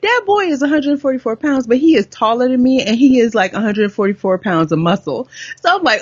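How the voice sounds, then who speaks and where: A woman's voice: on the high side, a little fast, breathy edge, dry recording, muffled recording. A middle-aged woman co-hosting a podcast, chatting casually and telling stories with lots of laughter. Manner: animated, laughing storyteller. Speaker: podcast co-host. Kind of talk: casual chat.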